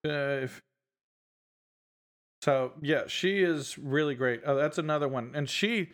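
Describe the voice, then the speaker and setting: A man's voice: a little high, a little slow. A man co-hosting a podcast in casual chat, talking about a show with many restarts and frequent laughs. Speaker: podcast co-host.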